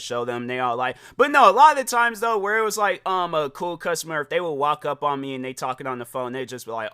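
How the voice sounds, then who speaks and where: A man hosting a podcast, telling a casual story in an animated way, acting out the dialogue and using lots of filler words. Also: fairly high pitch, quick pace, few pauses, clear, resonant tone, dry recording, studio quality. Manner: animated, acts out quoted dialogue, many "like" fillers. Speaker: podcast host.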